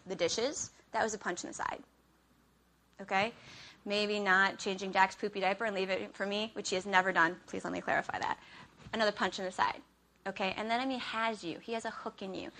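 A woman's voice: medium pitch, pushed and bright. A woman preaching a sermon in a conversational way, often checking in with "okay?" and acting out her own frustration.

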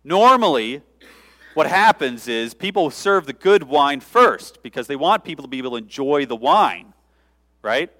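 A haughty, condescending head steward at a wedding, as a preacher puts him on, lecturing the groom with lively, swooping pitch. He talks down to his listener in a reproachful, know-it-all way. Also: moderate pace, big-room sound.

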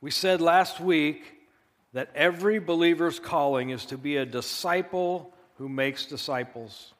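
A male pastor preaching a sermon in an earnest, emphatic way, slowing down to stress key phrases. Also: a little high, big-room sound.

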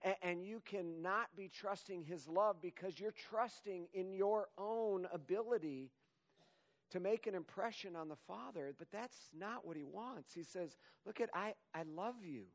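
Male preacher, slightly high voice, slow and earnest sermon delivery. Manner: slow, earnest, rising to emphatic exhortation.

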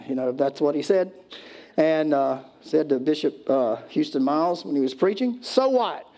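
Male pastor, slightly high voice, conversational preaching with playful acted-out voices. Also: moderate pace, mellow. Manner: conversational preaching, acts out pleading voices, loose restarts. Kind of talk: sermon.

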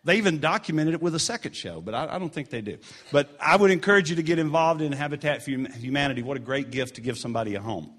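A man's voice: on the high side, lively intonation, quick pace, hardly any pauses, a bit bright. A man giving casual church announcements during a service in a sanctuary, earnest and encouraging with chatty asides.

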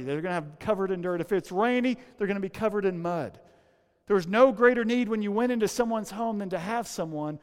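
A man preaching a sermon, chatty and humorous, dropping low and soft to stress a point. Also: clear, resonant tone, in a large hall. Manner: conversational, humorous asides, drops low and soft for emphasis. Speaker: pastor.

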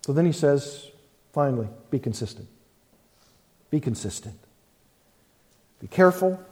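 A man preaching a sermon as pastor, slow and emphatic, repeating key phrases. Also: fairly high pitch, animated, a little mellow, big-room sound.

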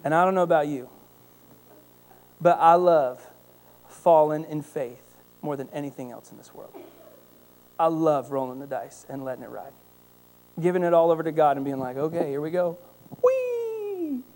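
Animated storytelling pastor, mellow voice. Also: male voice, fairly high pitch, moderate pace, long pauses. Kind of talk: sermon.

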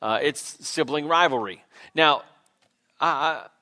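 A pastor delivers a sermon in a church sanctuary, his voice a little high, sharp-edged and slow. He preaches conversationally and pokes fun at himself, stumbling through fillers and restarts.

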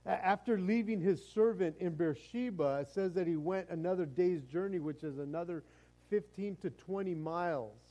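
A man's voice: high voice, moderate pace, dark tone, dull audio. A man preaching a sermon in a conversational way, often stumbling and restarting his words. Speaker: pastor.

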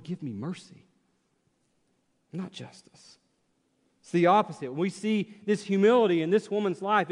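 Impassioned preacher in a reverberant church. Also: male voice, high voice. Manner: impassioned, rhetorical questions, emphatic repetition. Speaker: pastor. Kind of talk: expository sermon. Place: church sanctuary. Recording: church hall with long reverb.

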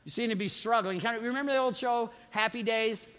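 A man preaching a sermon as a pastor, calling on the congregation to repeat after him and swinging from quiet asides to shouted emphasis. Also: very high voice, quick pace, clean tone. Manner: preaching with call-and-response to the congregation. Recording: long reverb of a large hall.

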